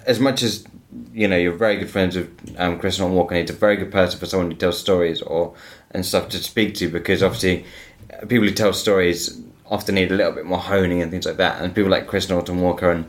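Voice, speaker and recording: Male host, lower voice, easy encouraging interviewer. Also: fairly even intonation. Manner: encouraging, quick affirmations. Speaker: podcast host. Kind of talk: casual podcast chat.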